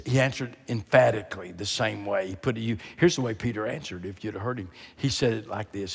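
A man preaching a sermon on a church stage, dropping to hushed asides and then building to shouted, emphatic climaxes. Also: on the low side, fairly quick, creaky, hardly any pauses, husky, big-room sound. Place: large church auditorium with stage.

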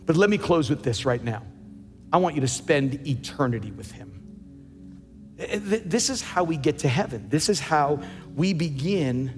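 A man's voice: fairly high pitch, long reverb tail. A man preaching a sermon as pastor, emphatic and repeating words as he builds his points.

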